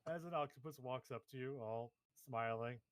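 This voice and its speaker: A man narrating and explaining rules as game master of a tabletop role-playing game, in a lively manner. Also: medium pitch, moderate pace, dry recording.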